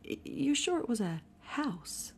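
A woman's voice: fairly high pitch, very animated, measured pace, darkish tone, slight background noise, voice pushed up. A woman voicing an eager, simple-minded male teddy bear who stammers, in whispered role-play. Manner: hesitant, stammering.

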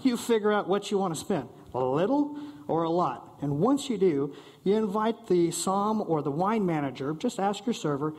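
High-voiced man giving a playful stage talk. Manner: playful, animated, acts out quick voices of diners and servers. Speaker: speaker at a short-talk event. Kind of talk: quick public talk with audience prompts. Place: stage before a live audience.

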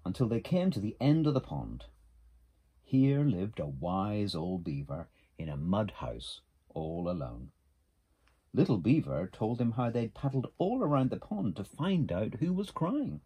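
A man's voice: on the low side, big pitch swings, unhurried, warm tone, husky. A man reading a children's picture book aloud, adding chatty asides to young listeners. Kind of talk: storybook read-aloud.

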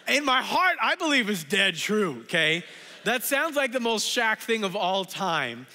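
Young male pastor, high bright voice, chatty storytelling sermon, lots of fillers. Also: very animated, a little slow, in a large hall. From Southern California. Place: church sanctuary.

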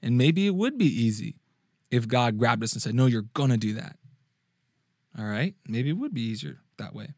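Young male preacher, mid-pitched, casual and conversational, dry close sound. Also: very animated, a little fast, dry recording. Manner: conversational, restarts often, acts out quotes in a higher sung voice. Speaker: youth preacher and podcast host. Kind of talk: casual sermon-style talk.

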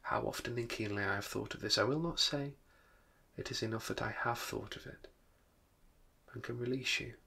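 A man reading the part of a gentle, sorrowful young woman who is ending her engagement, in a soft, hushed voice. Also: medium pitch, fairly even intonation, normal speed, creaky, slightly rough. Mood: sad, gentle. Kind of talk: dramatic reading of a novel.

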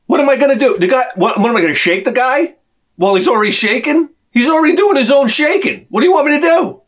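A middle-aged man ranting to camera as a vlogger, profane and sarcastic, dropping to mutters and then shouting his outbursts. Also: extremely high pitch, lively intonation, fast talker. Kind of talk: rambling comic rant to camera.

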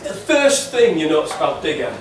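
A man giving a wedding speech, teasing and halting with many ums and restarts. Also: fairly high pitch, very animated, background noise. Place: wedding reception hall. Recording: echoey hall, distant mic, laughing crowd. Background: guests laughing.

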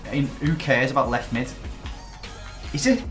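A man's voice: medium pitch, very animated, moderate pace, fairly bright tone, faint music behind. A man giving casual, teasing gaming commentary as a guest. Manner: teasing, joking banter. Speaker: guest YouTuber.

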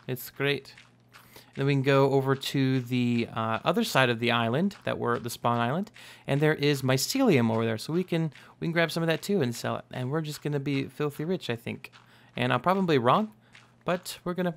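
A man's voice: medium pitch, brisk. Young guy rambling thru his game commentary, jokes around, corrects himself a lot. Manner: rambling, self-correcting, jokey. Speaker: gaming YouTuber. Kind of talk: casual Minecraft let's play commentary.

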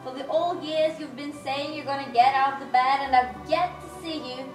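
A woman's voice: high-pitched, fairly even intonation, normal speed, lightly acted. A woman playing a tired, hardworking mother in a school stage play, blunt and weary. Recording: echoey hall from far off, music behind.

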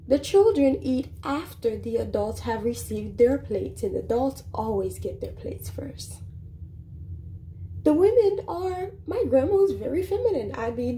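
A woman vlogger giving sassy, animated opinion commentary to the camera in a casual way. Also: on the high side, creaky. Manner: sassy, animated, talks back to the subject. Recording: roomy echo with faint background noise.

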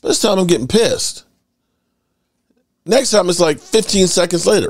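A middle-aged man hosting his sports channel, chatting casually and rambling through stories with lively swearing. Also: sits high, moderate pace, long pauses, dry recording, studio quality. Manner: animated storyteller, swears freely. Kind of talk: casual rambling fan chat.

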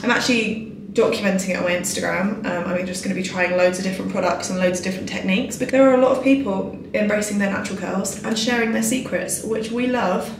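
A woman's voice: medium pitch, fast, slight background noise. Woman, 20s, lifestyle vlogger. Bubbly, chatty, swears casually. Roomy hotel room, mic slightly distant. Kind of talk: casual chatty vlog talk to camera.

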